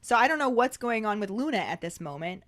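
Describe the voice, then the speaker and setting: A woman's voice: a little high, sing-song, brisk, fairly bright tone, dry recording. A woman co-hosting a podcast, chatting casually and acting out quoted lines. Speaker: podcast co-host. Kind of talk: casual chat.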